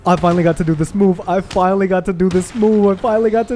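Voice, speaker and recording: A young man casually commentating his gameplay, excitable and profane, trash-talking enemies on screen. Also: high voice, fairly quick, a little hiss or hum. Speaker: gaming channel host.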